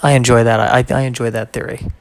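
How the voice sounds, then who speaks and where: A man's voice: medium pitch, flat delivery, quick pace, creaky, dry recording. A man hosting a solo podcast, reading aloud and drifting into wry, rambling asides in a casual way. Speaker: podcast host.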